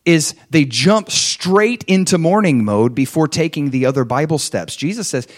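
A man's voice: expressive, normal speed. A man preaching a conversational sermon, telling stories, asking the congregation questions and acting out the people in them. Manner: acts out quoted people with big swings in pitch and loudness. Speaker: pastor.

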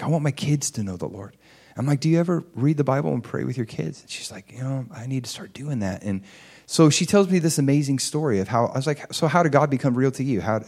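A man with a fairly low, darkish voice preaches a sermon conversationally, checking in with the congregation and asking for their agreement. He builds to emphatic peaks along the way.

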